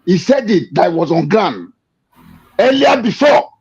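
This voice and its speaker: High-voiced man ranting angrily, lo-fi. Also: big pitch swings, measured pace, breathy edge. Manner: emotional, repetitive, shouting in anger at times. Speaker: activist speaking to an interviewer. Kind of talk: impassioned political rant. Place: abroad. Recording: dull lo-fi recording.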